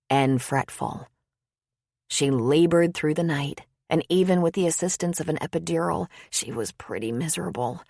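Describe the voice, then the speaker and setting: A woman narrating an audiobook in an even, measured way on a close studio mic. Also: deep voice, dry recording. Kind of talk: scripted narration.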